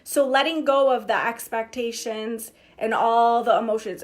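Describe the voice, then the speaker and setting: A young woman coaching on business in a casual, energetic talk, emphatic and acting out inner voices. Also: on the high side. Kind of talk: casual direct-to-camera talk.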